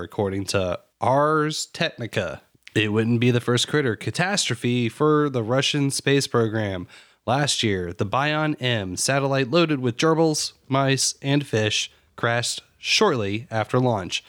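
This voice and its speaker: A man's voice: medium pitch, a bit bright. Easygoing man co-host. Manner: easygoing, chuckling, runs the sound clips. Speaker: podcast co-host. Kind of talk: casual chat, reading news aloud.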